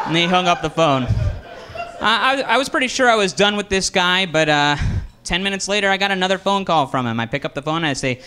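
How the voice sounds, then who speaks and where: A man doing a stand-up comedy routine, telling a story in a halting way with frequent "uh"s. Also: high-pitched, animated, bright, forceful tone, slight background noise. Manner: halting, restarts with filler "uh". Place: comedy stage with live audience.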